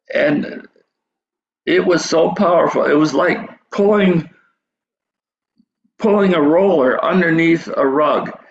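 An older man preaching tells of a dream, wandering and starting his phrases over. His voice is on the high side and gravelly, captured in a dull, echoey hall.

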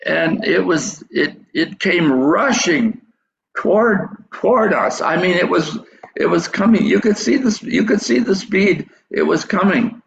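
A man's voice: high voice, animated, measured pace, creaky. An older man telling a dream story in a sermon, rambling and restarting his phrases. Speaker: preacher telling a dream testimony. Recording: dull echoey hall recording.

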